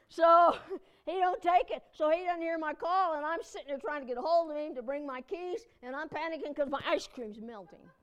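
A woman's voice: sits high, a little fast, a bit bright, highs cut off. A woman pastor preaching a conversational sermon, telling chatty personal stories with frequent laughter and sudden emphatic cries.

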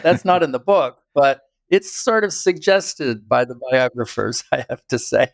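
Older man, biographer guest, smooth resonant voice, dry recording, thoughtful storytelling. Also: mid-range voice, animated, a little slow, few pauses, dry recording. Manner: thoughtful storytelling with occasional chuckles. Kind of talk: interview answers.

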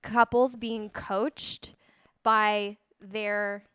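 Woman co-host, smooth clear voice, dry close mic, reassuring. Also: medium pitch, level tone, fairly bright tone, no echo. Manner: reassuring, quick affirmations. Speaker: podcast co-host, wedding planner. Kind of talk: casual chat.

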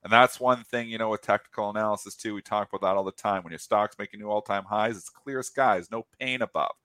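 A man's voice: on the low side, quick pace, no room sound. A man co-hosting a market show, chatting casually about trades in trader jargon. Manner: animated, talks in trader jargon. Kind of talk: casual trading chat.

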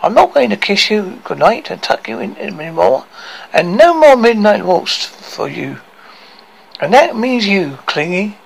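A man reading a storybook aloud and voicing an indignant young woman who yells and complains in a high, shrill put-on voice. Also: very animated, a little slow, vocal fry, breathy edge, heavily acted, low-quality recording. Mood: exasperated. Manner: shrill yelling, exasperated complaining.

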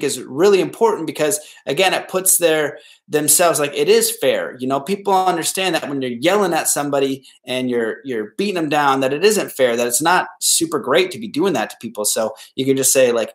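A man's voice: a little high, lively intonation, normal speed. A man hosting a solo podcast, giving casual, rambling advice and acting out the people he quotes. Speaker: podcast host.

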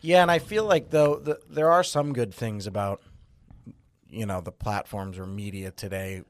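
A man's voice: on the low side, moderate pace, dry recording. A man who is an actor guest on a podcast, talking casually in a reflective, loose and rambling way. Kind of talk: casual interview chat.

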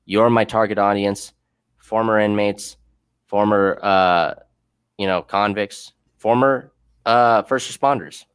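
A young man, a former military police officer, telling a story in a fast, profane and impassioned way during a casual conversation. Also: fairly low pitch, steady tone, clear, resonant tone, dry recording. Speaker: podcast guest, former Army MP officer.

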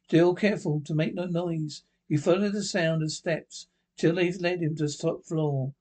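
A man's voice: fairly high pitch, steady tone, a little mellow. A man reading a ghost story aloud, stumbling over words and restarting lines as he goes. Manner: halting reading with misreads and restarts. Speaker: narrator.

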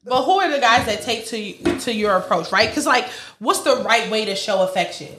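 A young woman, co-hosting a podcast, chatting in an animated way and acting out lines she quotes. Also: fairly high pitch, normal speed, noisy background. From New York. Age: young adult. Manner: animated, laughing, acts out quotes. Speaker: podcast co-host. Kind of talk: casual chat. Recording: echoey room.

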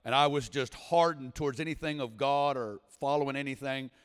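In a spacious church hall full of lingering reverb, a visiting preacher from Arkansas, a man in his forties, gives an animated testimony with bursts of shouting. His mid-range voice is smooth and moves a little fast.

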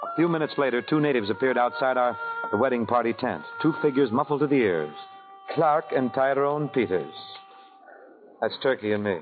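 A man's voice: mid-range voice, animated, narrow, tinny audio, music in the background, close to an everyday voice. A man playing a brash, wisecracking adventurer. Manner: brash, fast-talking wisecracks. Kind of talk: 1940s radio comedy acting. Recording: thin old radio broadcast.

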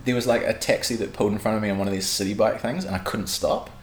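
A young man with a New Zealand accent, chatting casually on a podcast and telling animated, profanity-laced stories. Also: fairly low pitch, fast talker. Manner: animated storyteller, swears freely. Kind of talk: casual chat. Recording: echoey room, faint background hum.

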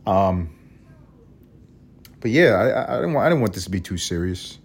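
A man's voice: sits low, lively intonation, normal speed, breathy edge. A man from Harlem, hosting a podcast in a rambling, profane, joking monologue with frequent restarts. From Harlem, New York. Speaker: podcast host. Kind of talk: casual solo podcast monologue.

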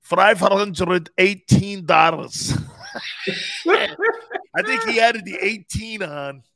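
A man co-hosting a casual sports talk show, telling profane stories and laughing loudly. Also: high voice, big pitch swings, drawn-out words. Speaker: co-host. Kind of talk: casual sports radio chat.

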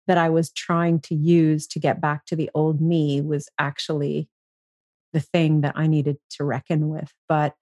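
Woman podcast guest, frank storyteller, lower register, dry close recording. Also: measured pace, dry recording. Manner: frank, profane, animated when quoting herself. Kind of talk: candid storytelling interview.

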